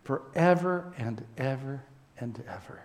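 A man preaching a sermon to his congregation as a pastor, speaking earnestly and with deep emotion, and closing with a prayer. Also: animated. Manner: earnest, emotional, slow and heartfelt, addressing the congregation.

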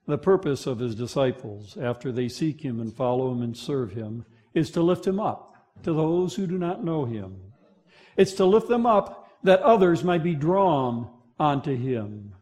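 A man preaching a sermon, swinging between loud emphasis and hushed moments, asking the congregation to finish verses. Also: medium pitch. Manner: asks the congregation to fill in verses. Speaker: pastor.

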